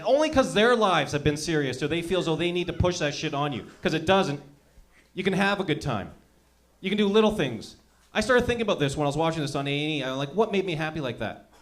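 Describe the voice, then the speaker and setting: A young man with a high-pitched voice performs a stand-up set. He rambles through profane, animated stories. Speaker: stand-up comedian.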